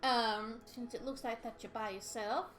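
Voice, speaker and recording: A woman's voice: a little high, steady tone, measured pace. A woman doing a Southern-drawling innkeeper lady. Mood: friendly. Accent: American Southern, put on. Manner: warm folksy hospitality, drawling. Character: friendly middle-aged woman innkeeper, chatty.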